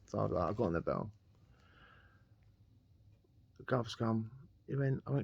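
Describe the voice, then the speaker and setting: A man's voice: medium pitch, lively intonation, brisk, creaky, long pauses, darkish tone, slightly rough, dry recording, highs cut off. A man telling a rambling personal story in casual slang, laughing often. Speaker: podcast guest telling a prison story.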